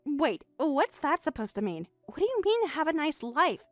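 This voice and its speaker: A woman's voice: high voice, big pitch swings, normal speed, no room sound, faint music behind. A woman voicing a bratty young adult daughter who answers with snippy, eye-rolling retorts in a text-message story. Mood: panicked.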